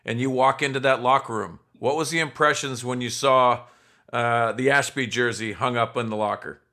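A male interviewer with a bright, edgy tone. He reflects on the guest's story and pauses on small fillers before asking his next question. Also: medium pitch, steady tone.

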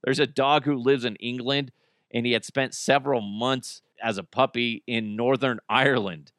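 A man's voice: medium pitch, steady tone, normal speed, a bit bright, no room sound, clean studio sound. A man hosting a podcast, delivering a crude, sarcastic comedic monologue and laughing often. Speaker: podcast host.

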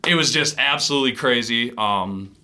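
A man's voice: medium pitch, moderate pace. A young man from Wisconsin, a pro baseball player, telling stories in a casual interview and acting out other people's voices. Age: 20s. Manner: animated storyteller, acts out others' voices. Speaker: pro baseball pitcher, guest.

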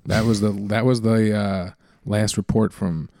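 A man's voice: fairly low pitch, unhurried, dry recording, clean studio sound. A man co-hosting a podcast, joking playfully in casual chat. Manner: playful, deadpan jokes. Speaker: podcast co-host.

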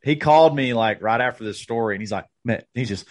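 A man's voice: medium pitch, brisk. A man co-hosting a casual podcast chat, chiming in and laughing along. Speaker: podcast co-host.

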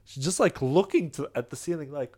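A man's voice: on the high side, brisk, slightly rough. Chatty young man telling a date story. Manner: animated storyteller, heavy use of "like" and "yo". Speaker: podcast co-host. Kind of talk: casual storytelling chat.

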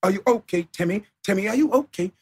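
A man's voice: high-pitched, lively intonation, fast talker, breathy edge, voice pushed up. A man mimicking a whiny man who fusses over a friend, in a mocking, sing-song way.

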